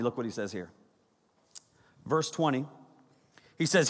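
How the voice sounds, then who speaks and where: A pastor in his thirties preaching a lively, jokey sermon, acting out little scenes and breaking into sudden shouts. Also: fairly high pitch, moderate pace, pauses often. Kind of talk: animated sermon. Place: large church hall. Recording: reverberant hall.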